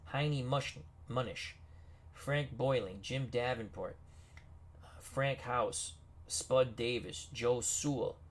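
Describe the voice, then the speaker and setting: Reading names from team rosters with offhand reactions, a man provides casual commentary for a gaming video. He speaks slowly in a mid-range voice.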